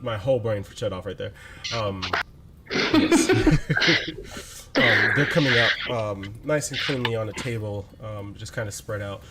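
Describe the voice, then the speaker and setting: Relaxed low-voiced game master. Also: male voice, a little slow, a loud crowd. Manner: relaxed, with fillers and laughs. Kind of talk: narrating a tabletop game.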